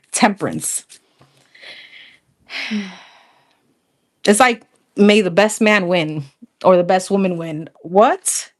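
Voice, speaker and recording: A woman's voice: on the low side, drawn-out words, pauses often. A young adult woman doing a casual tarot reading, calling out cards one after another and chatting with viewers, laughing often. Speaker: tarot reader.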